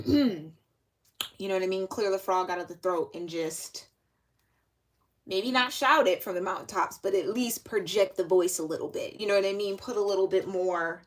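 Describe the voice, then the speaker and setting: A woman's voice: mid-range voice, moderate pace, fairly bright tone. A young woman giving a casual, rambling tarot reading, talking loosely with lots of fillers. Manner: chatty, filler-heavy, loose and conversational. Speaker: tarot reader.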